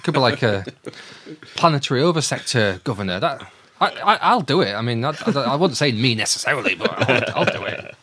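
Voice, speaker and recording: A man's voice: medium pitch, expressive, a little fast, pushed and bright, voice pushed up. A man putting on the voice of a nervous imperial officer who fawns and stammers while angling for promotion. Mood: fawning. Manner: stammering, wheedling.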